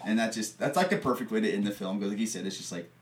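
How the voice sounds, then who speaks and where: A man's voice: fairly low pitch, racing. A man chatting casually about a movie, rambling with lots of fillers and frequent laughter. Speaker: podcast co-host. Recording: distant mic with faint background noise.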